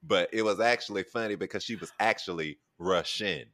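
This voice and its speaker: A man hosting a casual podcast, asking playful questions and telling funny stories in a relaxed way. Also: low voice, a little fast, crowd noise. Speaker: podcast host. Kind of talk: casual chat.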